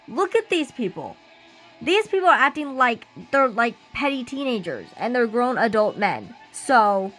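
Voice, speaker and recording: Woman vlogger, bright lively voice, chatty rant over faint background music. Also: high voice, moderate pace, rough recording. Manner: animated, ranting, many fillers. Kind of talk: casual rant while doing makeup. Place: at home getting ready. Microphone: camera she sets up herself.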